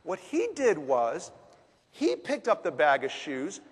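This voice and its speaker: A man telling a story as a business speaker, lively, with dramatic pauses. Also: on the high side, breathy edge. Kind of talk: storytelling talk. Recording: long hall reverb.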